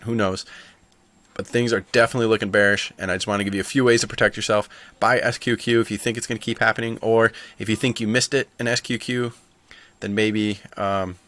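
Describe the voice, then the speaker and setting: A man's voice: lowish voice, bright, forceful tone, no room sound. A man hosting a stock market video, chatting casually and thinking aloud with asides. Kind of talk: casual market commentary to camera.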